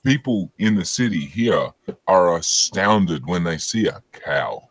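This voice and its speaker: A man with a very deep voice, talking casually and bluntly and swearing freely. He tells his stories with lively energy. The recording is dry and close, with no room sound. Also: slow, breathy edge, dry recording. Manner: blunt, swears often, animated storytelling. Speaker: guest. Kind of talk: casual chat.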